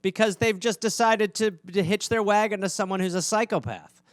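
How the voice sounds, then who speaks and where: Rambling high-voiced comic man. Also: fairly even intonation, normal speed, no room sound. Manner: rambling, profane, lots of fillers. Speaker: comedy podcast host. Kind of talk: rambling comedic monologue.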